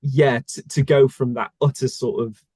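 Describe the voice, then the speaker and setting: A male voice actor talking casually in an interview, thoughtful and searching for words with many pauses. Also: medium pitch, steady tone, a little mellow, slightly rough, no echo. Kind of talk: casual conversation.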